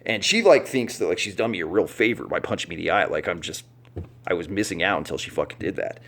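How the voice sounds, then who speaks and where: A young man telling a comic story to camera, swearing freely with deadpan asides. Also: deep voice, fast, vocal fry. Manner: profane, animated, deadpan asides. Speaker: vlogger.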